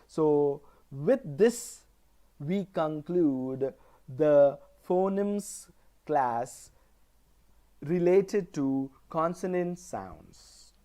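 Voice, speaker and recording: A male college lecturer from India giving a pronunciation lesson, deliberately repeating example words one at a time. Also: on the high side, lively intonation, warm tone.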